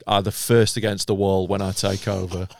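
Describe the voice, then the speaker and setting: A man's voice: low-pitched, little pitch movement, creaky, a little mellow, no room sound. A man co-hosting a podcast, joking in a wry, sweary way. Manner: wry, sweary, quick jokes. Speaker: podcast co-host. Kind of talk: casual banter.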